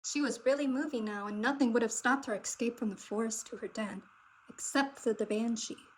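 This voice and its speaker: A woman narrating a children's picture book aloud with expressive, dramatic delivery. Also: a little high, quick pace, breathy edge, rough recording. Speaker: storybook reader.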